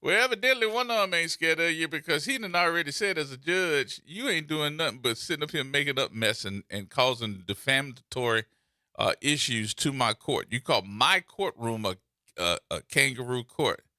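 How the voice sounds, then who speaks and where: A man's voice: on the high side, expressive, normal speed, bright, forceful tone, no echo, studio quality. A man, hosting a talk radio show with playful, theatrical commentary and mocking put-on voices. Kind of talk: animated commentary with mock skits.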